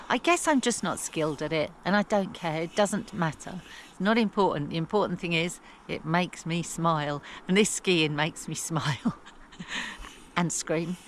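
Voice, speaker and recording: A woman's voice: on the low side, unhurried, a little hiss or hum. An older woman vlogging outdoors in the snow, laughing at herself and swearing casually as she talks. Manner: self-deprecating, swears, laughs often. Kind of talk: casual self-filmed vlog.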